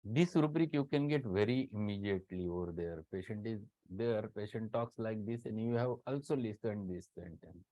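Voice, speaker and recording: Speaking in a lowish, mellow voice at a normal speed, this Indian English-accented man lectures online as a homoeopathy professor, animated and emphatic, repeating words for stress. The sound is dry, dull and lo-fi.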